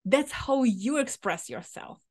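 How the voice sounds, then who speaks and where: A woman in her thirties coaching an audience on speaking style, her voice sitting a little high. She talks with fiery enthusiasm, pushing words hard and swinging her delivery for emphasis. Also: expressive, a little slow, slightly rough. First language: Ukrainian. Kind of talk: motivational talk.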